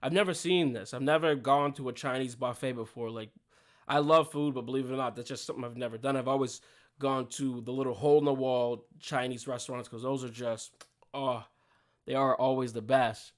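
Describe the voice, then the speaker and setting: A young man talks loosely to his listeners as the host of his own show, rambling through stories with plenty of fillers. His voice is clean and smooth, set at an ordinary middle pitch. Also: steady tone, a little fast. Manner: chatty, storytelling with laughs and fillers. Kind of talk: casual solo talk.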